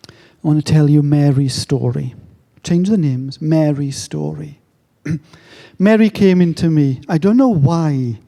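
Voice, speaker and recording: English man, self-mocking conference speaker, high and mellow, reverberant hall. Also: creaky. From England. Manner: joking, self-mocking storyteller. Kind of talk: conference talk.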